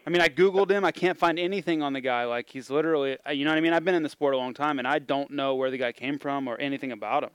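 Co-host guy with a smooth voice, dry mic, asking curious questions. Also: mid-range voice, rapid-fire, few pauses, fairly bright tone, no echo. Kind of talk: casual chat.

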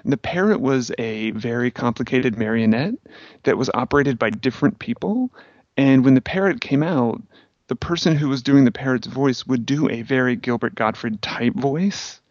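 A man's voice: mid-range voice, normal speed, a little mellow, no room sound. Sardonic man ranting on a podcast. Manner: sardonic storyteller, lots of fillers. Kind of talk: casual chat. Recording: dry, slightly dull podcast audio.

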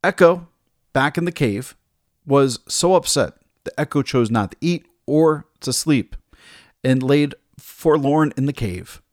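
A man's voice: medium pitch, unhurried, no echo, studio quality. A man retelling an old myth in a casual, conversational way, with small asides and restarts. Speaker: storyteller.

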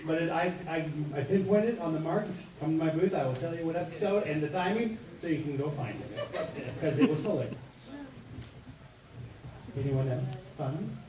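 A male voice actor telling an animated, laughing story on a convention panel. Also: a little high, normal speed, long pauses, crowd noise. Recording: echoey hall, distant mic.

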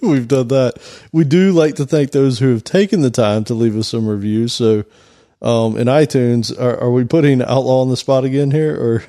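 Mellow, easygoing man. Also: mid-range voice, fairly even intonation, normal speed. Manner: easygoing, good-humored. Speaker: podcast co-host. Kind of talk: casual podcast chat.

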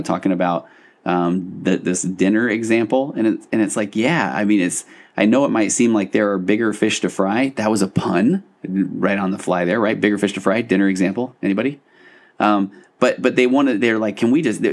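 A man with a slightly low voice hosts a podcast as a marriage therapist. He reads a listener's email and keeps breaking away into loose, conversational commentary. Now and then he drops in a dry aside. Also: darkish tone. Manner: conversational, self-interrupting, wry asides.

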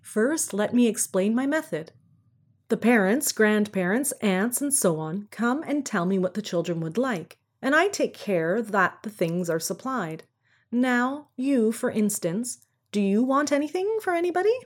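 A woman voicing a kindly old Santa Claus, gentle and earnest, speaking in a confiding, fond way in a storybook reading. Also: a little high, expressive, unhurried. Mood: cheerful. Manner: warm, confiding, fond of toys.

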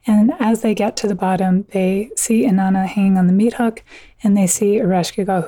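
A woman author telling an old myth in a conversation, earnest and vivid, with quick asides. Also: mid-range voice, mellow, no room sound. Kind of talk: conversational storytelling.

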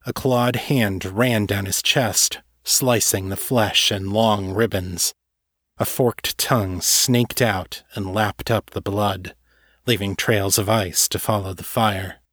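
Casting: low-pitched male author-narrator, measured delivery, dry close-mic sound. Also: steady tone, fairly bright tone, dry recording. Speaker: author and podcast host. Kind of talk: scripted fiction narration.

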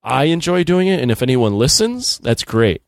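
A man hosts his own podcast in easy conversation. His pitch moves around a lot, and the recording is dry and close with no room sound. His tone stays laid-back, with casual swearing. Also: very animated, moderate pace, no echo. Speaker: podcast host. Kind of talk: casual chat.

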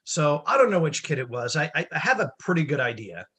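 A man's voice: on the high side, big pitch swings, quick pace, a bit bright, husky. A man co-hosting a casual chat, telling a wry, exaggerated story about family life. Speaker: podcast co-host, dad.

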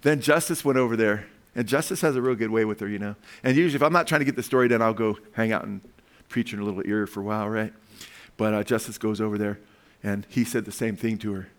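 Older pastor chuckling through a sermon. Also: male voice, lowish voice. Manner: chuckles often while telling stories; calls out for amens from the congregation. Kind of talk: sermon with personal anecdotes.

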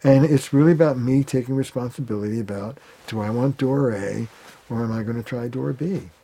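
Male therapist guest: mellow, relaxed tone; lively storyteller who slips into quoted voices. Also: medium pitch, brisk, slightly rough. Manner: animated, acts out quoted arguments. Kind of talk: conversational interview.

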